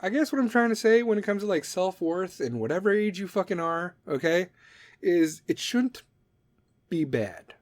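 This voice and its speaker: A man's voice: sits high, animated, moderate pace. A man in his thirties hosting a podcast, talking in a blunt, profane, rambling monologue that drifts off on tangents. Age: 30s. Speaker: podcast host.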